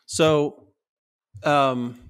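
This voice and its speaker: A man's voice: fairly high pitch, fairly even intonation, drawn-out words, clean tone. A man co-hosting a podcast, talking emphatically and playfully about reading scripture aloud with feeling. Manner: emphatic and playful, reads scripture with dramatic expression. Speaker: podcast co-host. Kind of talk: casual chat.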